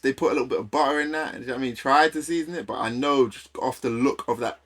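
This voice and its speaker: A man from London with a London accent, casually chatting and reacting to a video on a live stream in a slangy, animated way. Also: medium pitch, quick pace.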